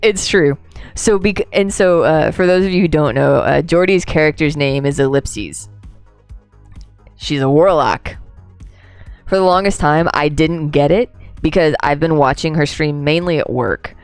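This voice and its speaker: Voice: medium pitch, unhurried, smooth, dry recording, faint music behind. A game streamer chatting casually through a livestream, rambling, laughing and answering chat, a few drinks in.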